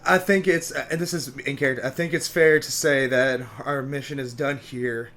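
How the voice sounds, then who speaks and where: A man's voice: mid-range voice, normal speed. A man playing in a tabletop game, chatting casually, laughing and swearing. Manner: laughing, lively, swears freely. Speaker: player.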